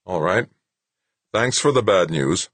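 A man's voice: low-pitched, animated, takes it slowly, a bit bright, slightly rough, dry recording, pitched above the performer's own voice, exaggerated voice. A man reading an audiobook, voicing a tense male engineer who gives terse orders and mutters under pressure.

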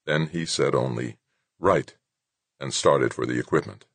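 A man reading a science fiction novel aloud in measured scripted narration, close to the mic. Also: extremely low pitch, gravelly, husky, no room sound. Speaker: audiobook narrator.

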